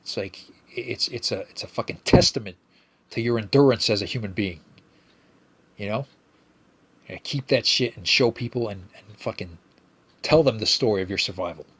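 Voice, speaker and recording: A man's voice: lowish voice, a bit bright, breathy edge. A man hosting a solo podcast, reading out listener messages in a rambling, profane, casual way with frequent stammered restarts. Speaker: podcast host.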